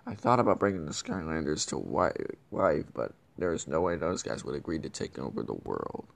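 Rumbling low and gravelly, a man puts on an exaggerated, very animated voice at a brisk pace. He hosts a comedic character vlog as a bumbling, scheming villain, rambling, stumbling and self-correcting throughout his web show.

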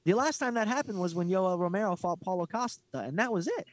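A man's voice: high voice, animated, fast, no room sound. Blunt, profane man ranting. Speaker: podcast co-host. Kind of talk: casual chat.

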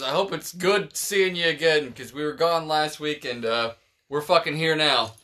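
A man's voice: on the high side, moderate pace, sharp tone. A young man hosting a casual podcast, rambling and swearing freely as he explains things. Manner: profane, rambling, laid-back. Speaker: podcast host.

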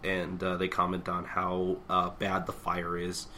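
A man's voice: deep voice, completely flat delivery, a little slow, pushed and bright, slight background noise. A man co-hosting a podcast in casual chat, rambling and hesitant with many fillers. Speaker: podcast co-host.

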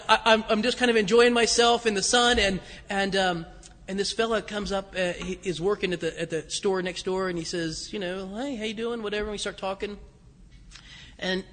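A priest with a high voice delivers a homily. He tells stories in a loose, chatty way, stumbling over restarts as he goes. His voice carries a long reverb that fills the church. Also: bright, forceful tone. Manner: conversational storytelling with frequent restarts.

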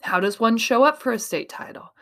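Her fairly high voice moves a little fast as she delivers an emphatic motivational talk. She is a speaker and coach from Iowa, USA, lively in manner and given to acting out the voices she quotes.

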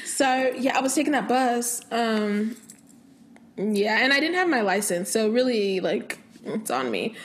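Young American woman, podcast host, slightly high voice, giggly, rambling casual chat. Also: animated, measured pace. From United States. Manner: giggly, rambling, laughs often.

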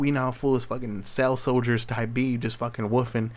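A man's voice: medium pitch, level tone, brisk, hardly any pauses. Profane, slangy man ranting solo. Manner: profane, heavy street slang; blunt, worked-up opinions. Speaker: solo podcast host. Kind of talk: casual commentary rant.

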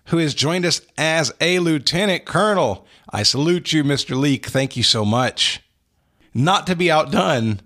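A man hosting a podcast, warmly thanking supporters in a casual, earnest way with frequent restarts. He is recording in an unfinished spare room without soundproofing, with a slight room echo. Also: a little high. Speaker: podcast host. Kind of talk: casual thank-you segment.

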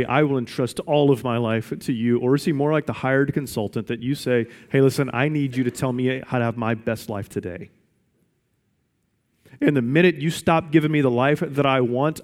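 A male pastor delivering a sermon in an emphatic style, returning to the same question again and again to drive it home. His voice sits at an ordinary middle pitch for a man. A long reverb trails his words, as in a large church sanctuary. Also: normal speed, darkish tone. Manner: emphatic, repeats questions for weight.

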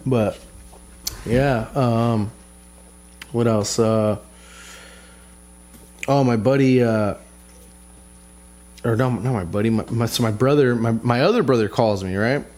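A man's voice: medium pitch, slow, long pauses, a little mellow. Man, casual rambling monologue, heavy swearing, restarts, exasperated. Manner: profane, frustrated, rambling with many restarts and fillers. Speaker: vlogger telling a family story. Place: lives in Texas.

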